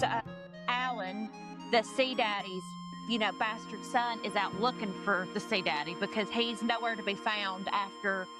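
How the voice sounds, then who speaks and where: Chatty woman recapping a show. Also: on the high side. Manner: chatty plot recap full of "like" and "you know". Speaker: podcast co-host. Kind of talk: casual chat.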